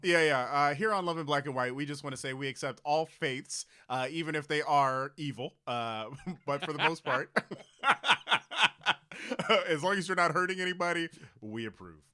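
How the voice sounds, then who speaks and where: Easygoing podcast guy, swears a lot, really bright voice. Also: on the high side, lively intonation, normal speed. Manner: laid-back, profane, keeps saying "you know what I mean". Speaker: podcast co-host. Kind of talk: casual comedic chat.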